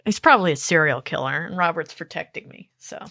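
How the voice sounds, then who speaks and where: A woman co-hosting a podcast, tossing in quick jokes and banter. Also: low voice, animated, vocal fry, sharp tone, dry recording, clean studio sound. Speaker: podcast co-host. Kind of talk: casual podcast chat.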